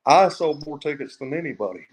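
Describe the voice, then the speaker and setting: Slightly high-voiced man telling wrestling stories. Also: expressive, a little fast, husky, rough recording. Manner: rambling anecdotes with restarts. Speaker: podcast guest, wrestler. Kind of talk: casual storytelling.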